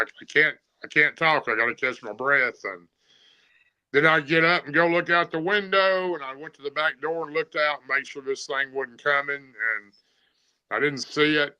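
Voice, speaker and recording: A man's voice: medium pitch, pushed and bright, clear, resonant tone, low-quality recording. A man telling a story in a plain-spoken, rambling way, with many fillers. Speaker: guest telling an encounter story. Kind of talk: casual storytelling.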